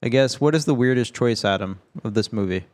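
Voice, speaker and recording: A man's voice: mid-range voice, brisk, darkish tone. A man co-hosting a casual film podcast, loose and joking, swearing freely as he talks. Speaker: podcast co-host.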